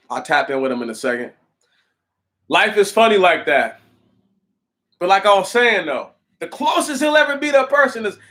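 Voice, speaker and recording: A man's voice: sits high, fairly bright tone. A man ranting on a casual livestream, emphatic and repetitive, with frequent restarts and rhetorical questions. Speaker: livestream host.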